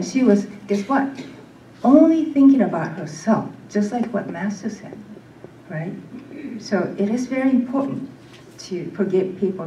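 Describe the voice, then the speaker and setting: A woman's voice: mid-range voice, mellow, lo-fi sound. A woman leading a workshop lecture in a temple hall, talking conversationally and putting questions to her audience. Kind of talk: casual lecture. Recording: echoey hall, distant mic, faint noise.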